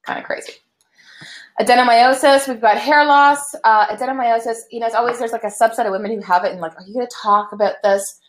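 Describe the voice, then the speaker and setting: This webinar host is a young woman with a fairly high pitch and a steady tone who talks fast. She greets her online audience live in a bright, chatty way packed with fillers, and the room sounds echoey.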